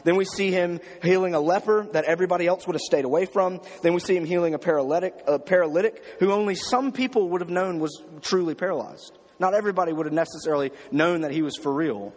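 A man's voice: high-pitched, quick pace, hardly any pauses, in a large hall. A man preaching a sermon, emphatic, repeating his phrases and asking rhetorical questions. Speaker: pastor.

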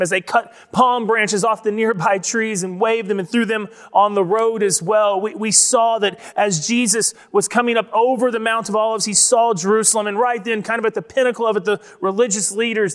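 A man with a high voice preaches in an easy, conversational way, often repeating a phrase to drive it home. His voice rings out with the long reverb of a large church hall. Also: fairly bright tone. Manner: conversational, repeats words for emphasis. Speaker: pastor. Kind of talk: sermon.

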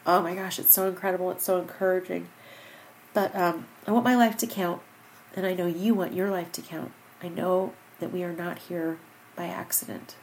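A woman's voice: lowish voice, gravelly, darkish tone, slight background noise, low-quality recording. A woman hosting a personal podcast, speaking earnestly into a microphone, tearful and fighting back crying. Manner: heartfelt, earnest, repeats herself. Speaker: podcast host. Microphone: studio microphone.

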